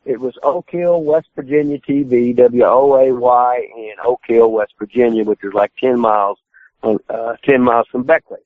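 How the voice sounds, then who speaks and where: Over a tinny, dry phone call, a man with a mid-range, fairly even voice tells stories at normal speed as a retired pro wrestler guest on a podcast. He curses nonstop and loudly performs what people said, with no room sound.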